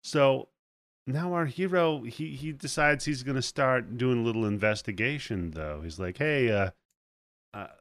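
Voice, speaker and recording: A man hosting a podcast, casually retelling a movie plot in an animated way and swearing freely. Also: medium pitch, moderate pace, no echo. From United States. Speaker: podcast host. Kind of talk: casual movie-review chat.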